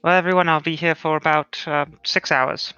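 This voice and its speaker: A tabletop game player talking politely and at a measured pace, with a bright, crisp tone. The recording is dull and lo-fi, and faint music plays underneath. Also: mid-range voice, steady tone, no room sound. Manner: polite, measured in-character dealing.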